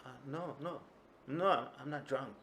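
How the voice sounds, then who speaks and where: A man's voice: medium pitch, normal speed, fairly bright tone, a little hiss or hum, voice pushed up, natural voice. A man voicing a drunk, sheepish man who stammers out excuses. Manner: stammering, hesitant.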